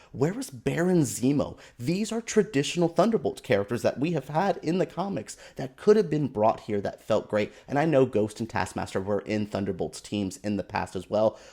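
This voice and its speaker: A film commentator rants casually about his opinions, animated and exasperated, throwing in sarcastic asides. He has a mid-range voice.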